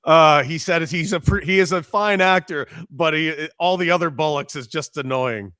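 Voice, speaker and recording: A man co-hosting a sports talk show in a casual, excitable way, quick to laugh. His voice sits a little high for a man, and the sound is close and dry with no room around it. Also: clear, resonant tone, no room sound. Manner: laughs easily, excitable, reads out posts.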